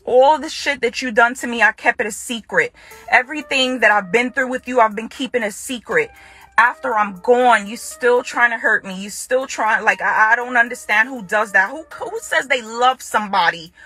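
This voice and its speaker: A woman addresses the camera in a bright, forceful tone with a husky edge. She speaks to her former partner in confrontation and hammers her points home by saying them twice. Faint music plays underneath. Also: on the high side, normal speed. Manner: confrontational, repeats her phrases.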